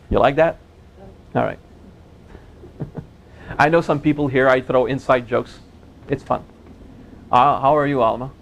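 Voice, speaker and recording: A man teaching a spiritual seminar in a gentle, playful way, joking with his audience and laughing at his own jokes. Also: mid-range voice, measured pace, creaky, long pauses, a little hiss or hum, rough recording. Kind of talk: relaxed seminar talk.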